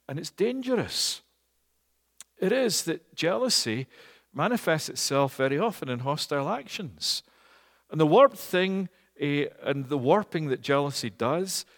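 Preacher in a ringing hall. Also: male voice, on the high side. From Scotland. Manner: animated, rises to loud emphatic peaks. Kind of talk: storytelling sermon. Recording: long hall reverb.

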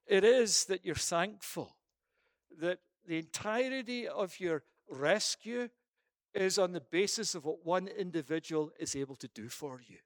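Male preacher with a slightly high voice, emphatic, builds through repeated phrases, dry close mic. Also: a bit bright, no room sound. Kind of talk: sermon and closing prayer.

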